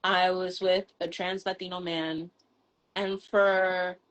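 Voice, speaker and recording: A woman's voice: fairly low pitch, level tone, takes it slowly, fairly bright tone, lo-fi sound. A woman in a candid personal conversation, talking frankly, swearing casually and laughing between thoughts, over a live video call. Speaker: guest.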